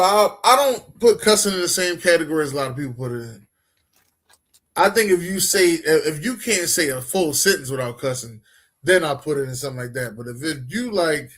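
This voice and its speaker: Man, podcast co-host, slightly high-pitched, joking casual banter. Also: animated, fairly quick, a bit bright. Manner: joking, drawls and trails off. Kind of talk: casual chat.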